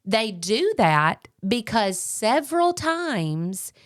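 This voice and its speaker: A woman co-hosts a casual podcast about marriage. She tells stories with animation, jumping into a high voice when quoting others and laughing often. Her voice sits at a middle pitch and sounds close and dry. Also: very animated, drawn-out words, no room sound. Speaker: podcast co-host.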